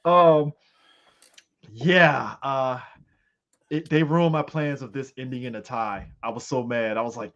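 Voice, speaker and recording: A man's voice: mid-range voice, unhurried, a bit bright, highs cut off. A man co-hosting a casual sports chat show, joking and swearing as he breaks down games. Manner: joking, profane, laughs easily. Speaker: podcast co-host.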